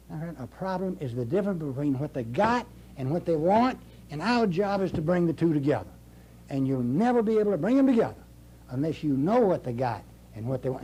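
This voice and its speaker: Older male motivational speaker, folksy and emphatic, mellow tone, slightly raised pitch. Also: animated, fairly quick, a little hiss or hum. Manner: folksy, emphatic, repeats key phrases. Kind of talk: motivational speech to a live audience. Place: speaking to an audience in a room.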